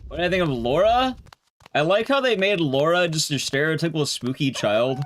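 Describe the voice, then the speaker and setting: A man streaming, recapping a film in a casual, sarcastic and animated way. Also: fairly high pitch, brisk, slight background noise. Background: background music.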